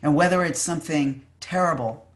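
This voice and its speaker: A preacher giving a heartfelt Shabbat sermon over a video call, earnest and emphatic, sometimes pausing to search for words. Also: medium pitch. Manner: fervent, searching for words with fillers and restarts. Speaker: maggid, preacher.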